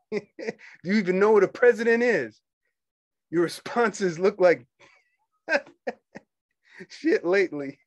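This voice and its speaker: A man, a union organizer talking casually to fellow members, animated and quick to laugh and scoff. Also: high-pitched, no room sound, clean studio sound. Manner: animated, laughs often, dismissive asides.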